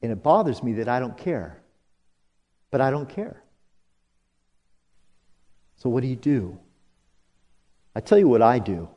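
A male pastor preaching a sermon, slow and dramatic, jumping to high emphatic bursts and dropping to hushed asides, leading the congregation in call-and-response. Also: big pitch swings. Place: church sanctuary. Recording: long reverb of a church hall.

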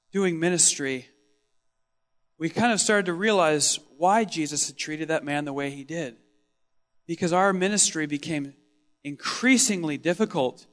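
A man with a higher voice preaches a first-person dramatic sermon monologue. His storytelling is expressive, swinging from loud exclamations down to hushed tones.

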